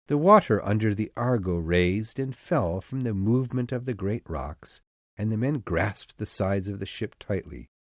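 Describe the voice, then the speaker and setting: A man narrating an abridged audiobook of myths in an expressive storytelling manner. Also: on the low side, normal speed, no room sound, studio quality.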